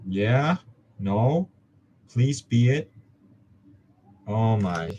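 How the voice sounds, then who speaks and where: A man's voice: lowish voice, animated, extremely slow, mellow, dull audio, a little hiss or hum. A young man from Hong Kong, a student vlogger, muttering and joking to himself as he studies. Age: young adult. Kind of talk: study-with-me self-talk.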